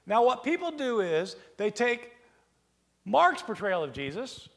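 A man lecturing in a high voice that swings widely in pitch. He talks in an animated way and keeps asking rhetorical questions. His words ring out with a long reverb, as in a big hall. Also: a little slow. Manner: animated, rhetorical questions, plays out imagined exchanges. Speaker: lecturer on early Christian texts.

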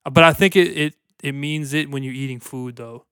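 Bright, crisp-voiced joking man. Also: medium pitch, brisk, no echo, clean studio sound. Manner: crude, joking, laid-back with lots of fillers. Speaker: podcast co-host. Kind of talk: casual podcast banter.

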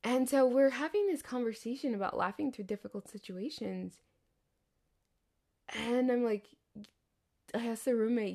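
A woman in her thirties talks through a loose, rambling podcast monologue. She swears casually and keeps breaking into laughter. Her voice sits a little higher than most women's. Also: normal speed, vocal fry, pauses often, darkish tone. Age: 30s. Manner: candid, profanity-laced, chatty with frequent laughs. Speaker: podcast host.

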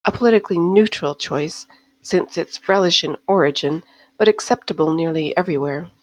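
A woman's voice: lowish voice, fairly quick, darkish tone, no room sound, close to an everyday voice. A woman voicing Eva, a poised female dance-house owner with polite, formal phrasing, plainly worried underneath. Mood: gracious.

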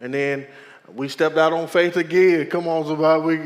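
A man's voice: a little high, steady tone, normal speed, in a large hall. A man, preaching a sermon as a pastor and calling out to the congregation as he tells his story.

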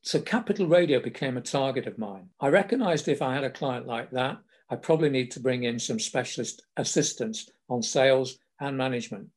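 A man's voice: mid-range voice, fairly quick, hardly any pauses. Older southern English man reminiscing. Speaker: storyteller recalling his career. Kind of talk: casual spoken memoir.

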